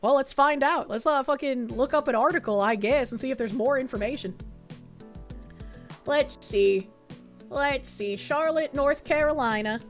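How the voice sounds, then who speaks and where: A woman's voice: sits high, moderate pace, faint music behind. A woman streamer reacting to news clips, blunt and indignant, swearing freely. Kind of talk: casual reaction commentary.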